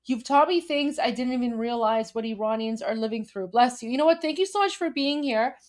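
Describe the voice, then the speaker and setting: A woman's voice: on the high side, brisk. A woman from Iran hosting a live commentary stream, talking emphatically with frequent fillers and restarts. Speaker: host.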